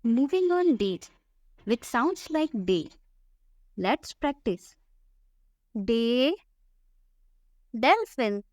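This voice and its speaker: Slow, careful woman teaching the alphabet. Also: high-pitched, very animated, a little mellow, dry recording, studio quality. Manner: slow, careful, repeats each word for practice. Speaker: language teacher. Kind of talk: slow scripted alphabet lesson.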